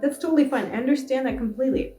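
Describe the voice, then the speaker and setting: A woman's voice: high voice, racing. Exasperated young woman ranting about books. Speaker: book vlogger. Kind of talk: casual book review vlog. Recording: echoey room with soft music behind.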